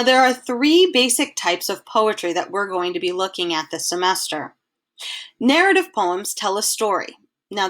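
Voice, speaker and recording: A woman teacher giving a recorded slideshow lesson, explaining each point patiently and reading verse aloud slowly. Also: lowish voice, a bit bright. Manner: clear, patient explaining, reads poem lines aloud in a slow measured way.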